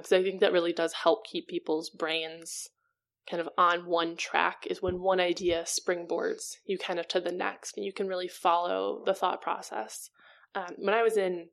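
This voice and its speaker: A woman chatting casually as a podcast co-host, playful and a little rambling. Her voice sits lowish and crackles with heavy vocal fry. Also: level tone, moderate pace. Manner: chatty, playful, uses lots of "kind of" and "um". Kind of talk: casual chat.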